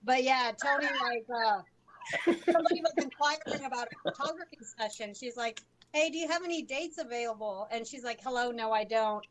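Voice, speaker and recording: A woman's voice: a little high, brisk, a little hiss or hum, rough recording. A woman chatting casually with friends, retelling stories animatedly and swearing freely. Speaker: group member. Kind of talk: casual chat, storytelling.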